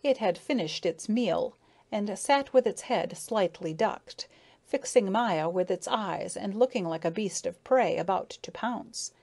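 A woman's voice: mid-range voice, lively intonation, measured pace, creaky, a little mellow. Woman reading a storybook aloud. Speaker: audiobook narrator. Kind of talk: scripted storybook narration.

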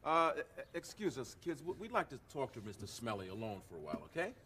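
A man speaking calmly and firmly, with a wry edge. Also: mid-range voice, quick pace, a little hiss or hum. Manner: calm, wry, firm. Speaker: neighborhood adult.

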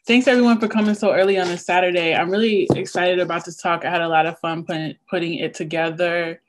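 A young woman with a Southern accent, a visiting poet giving a casual craft talk over a video call, quick and chatty with many restarts. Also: lowish voice, steady tone. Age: young adult.

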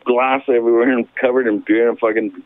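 A man's voice: mid-range voice, steady tone, a little fast, no echo. A man who drummed in a punk band, rambling through a story with lots of swearing and laughter, heard over a phone call. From Canada. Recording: dry tinny phone line.

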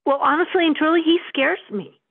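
A woman's voice: sits high, expressive, a little fast, gravelly. Laughing woman caller on a phone line. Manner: self-deprecating, laughing easily. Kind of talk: call-in advice talk.

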